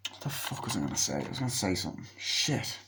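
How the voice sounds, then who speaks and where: Man, lowish voice, casual film review, rambling, swears a lot. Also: sing-song, fast talker, bright, forceful tone. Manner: rambling, swears freely, loses his train of thought. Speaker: movie reviewer.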